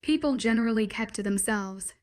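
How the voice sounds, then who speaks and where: A woman narrating a first-person romance story in a steady storytelling read. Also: fairly high pitch, a little fast.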